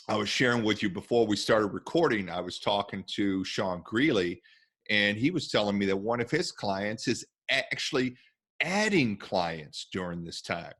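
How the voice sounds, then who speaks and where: A lower-voiced man hosts a casual podcast interview. He reacts with quick exclamations and backs up his guest's points. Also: a bit bright. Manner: responsive, exclaims, affirming. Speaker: podcast host.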